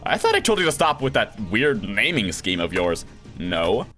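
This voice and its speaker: A man's voice: lowish voice, sing-song, normal speed, bright, forceful tone, soft background music. A young man, a voice actor, reading a visual novel aloud and acting out the lines, with his own reactions mixed in. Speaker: voice actor doing a game playthrough.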